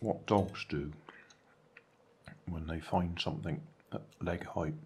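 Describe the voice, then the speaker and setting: An older man, relaxed and chatting casually between mouthfuls in a home food vlog. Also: low-pitched, takes it slowly, a little hiss or hum. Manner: relaxed, chatting while eating. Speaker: vlogger.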